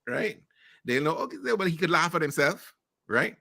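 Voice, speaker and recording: A middle-aged man with a Caribbean accent talks frankly, mixing blunt jokes into his stories. His voice is bright and forceful, and his pitch swings widely as he talks. The sound is close and dry, with no room echo. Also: big pitch swings, moderate pace, gravelly. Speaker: podcast guest, marketing executive. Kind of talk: casual interview chat.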